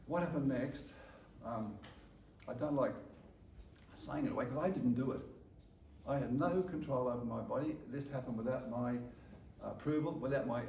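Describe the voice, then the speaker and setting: A man preaching through a personal testimony, an animated storyteller who stumbles and repeats words. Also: mid-range voice, a little hiss or hum. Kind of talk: storytelling sermon. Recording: echoey room, distant mic, faint ambience.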